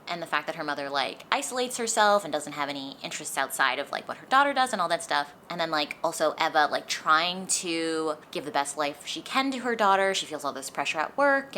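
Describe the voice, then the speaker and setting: A woman's voice: lowish voice, sharp tone. A young woman giving a casual book review, chatty and leaning heavily on "like", with faint street noise from an open window behind her. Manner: chatty, heavy use of "like". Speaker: book vlogger. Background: faint street traffic noise.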